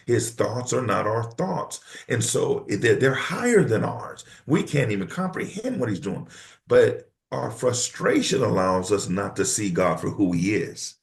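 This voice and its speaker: Gravelly-voiced pastor preaching in conversation. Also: male voice, on the low side, big pitch swings, measured pace. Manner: emphatic, preacherly cadence. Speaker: pastor, podcast guest.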